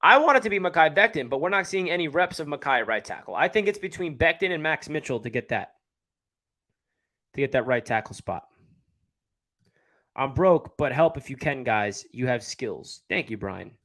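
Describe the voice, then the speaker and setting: A man's voice: a little high, animated, normal speed, sharp tone. Chatty man with a New York area accent. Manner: chatty, reads and answers viewer comments. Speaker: livestream host. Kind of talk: casual live chat.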